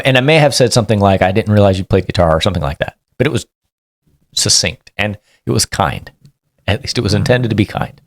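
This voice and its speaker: A man, a police sergeant, telling a story in a casual and animated way as a podcast guest, acting out what people said. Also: lowish voice, no echo, clean studio sound. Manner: animated, acts out quotes.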